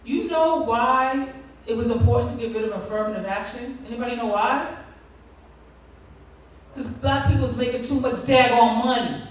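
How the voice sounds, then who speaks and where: A woman with a high voice delivers a conference speech like a sermon. She tells stories and throws questions back to the crowd. Her voice rings through a large, echoey hall, picked up from far off the mic. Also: moderate pace. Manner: preacher-like storytelling with crowd call-and-response. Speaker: school district leader giving a conference talk.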